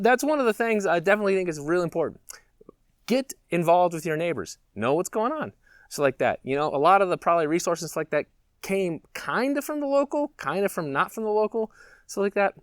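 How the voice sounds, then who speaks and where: A man hosting a prepper channel rambles casually and chuckles between thoughts. His pitch swings widely, and his voice sounds close and dry. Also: no room sound. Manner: rambling, chuckling, musing aloud. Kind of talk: casual vlog monologue.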